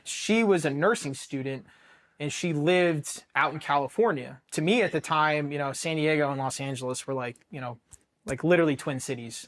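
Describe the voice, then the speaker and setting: A man from Ohio, a Marine veteran, tells his story bluntly and swears freely. His voice sits a little high for a man, and he speaks as a candid, animated storyteller.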